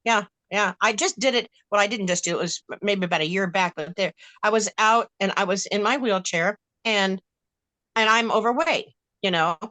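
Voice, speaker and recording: Blunt, bright-voiced older woman. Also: medium pitch, normal speed, dry recording. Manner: blunt, fired-up storytelling with many restarts. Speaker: panelist. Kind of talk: casual panel discussion.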